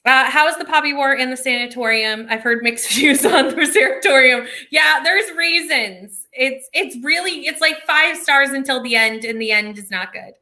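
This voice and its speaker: A woman with a high, very bright voice talks with friends on a video call. She laughs easily and plays herself down. The sound is that of a home video call. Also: moderate pace, hardly any pauses. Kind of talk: casual group video chat.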